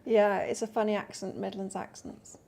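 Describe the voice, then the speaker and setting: A woman's voice: mid-range voice, level tone, moderate pace, vocal fry, a little mellow. A woman from England doing a live tarot reading, chatting casually and reading out cards while answering viewer comments. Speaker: tarot reader.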